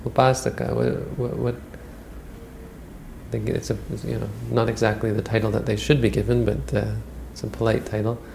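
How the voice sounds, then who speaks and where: A man's voice: fairly low pitch, level tone, normal speed, creaky, mellow, slight background noise, rough recording. A man retelling a Buddhist story as a teacher, in a conversational way with frequent restarts.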